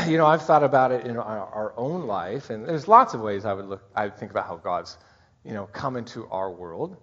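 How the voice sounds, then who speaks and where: Delivering a Christmas sermon full of feeling, this middle-aged male pastor speaks huskily with a touch of rasp, very animated and a bit bright, his pitch ranging widely. He sometimes halts and turns tender, even tearful, and the audio comes across dull and muffled.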